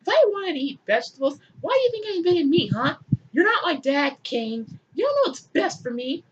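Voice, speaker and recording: Bratty, whiny male God, put on by a woman; high and snide, lo-fi. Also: expressive, fairly quick, fairly bright tone, a little hiss or hum. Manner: snotty, whiny, sarcastic.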